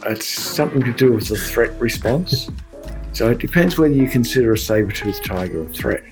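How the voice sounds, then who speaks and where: Male podcast co-host, dry jokester, mid-pitched, music under him. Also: brisk. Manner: jokey, deadpan tall tales. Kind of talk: casual podcast chat.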